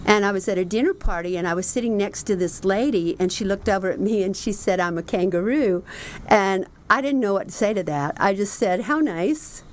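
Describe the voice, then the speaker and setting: A middle-aged woman hosting a book review show, talking casually and telling stories, and quoting people in lively put-on voices. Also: medium pitch, brisk, few pauses, a little hiss or hum. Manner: chatty storytelling, animated quoting of others.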